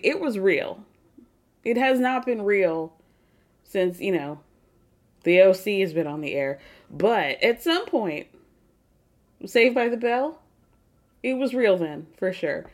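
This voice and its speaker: A woman hosting a podcast, recapping a reality show in casual, sarcastic commentary and swearing freely. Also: medium pitch. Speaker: podcast host.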